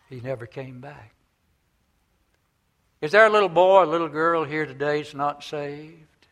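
A man preaching a sermon, swinging between loud emphatic phrases and soft, low endings.

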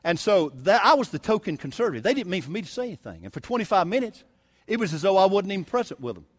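A preacher tells a story from the pulpit, his voice fairly high for a man. He is emphatic and folksy, leaning into key words with a touch of humor. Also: big pitch swings, fast, no room sound. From Southern United States. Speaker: evangelist preacher. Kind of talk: sermon storytelling.

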